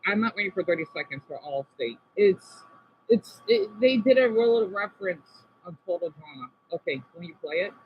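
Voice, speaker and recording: Reacting to videos, this vlogger rambles in a casual, playful way, tossing in apologetic asides. His voice sits high and sounds animated and fairly quick, over a slightly dull recording with faint background noise.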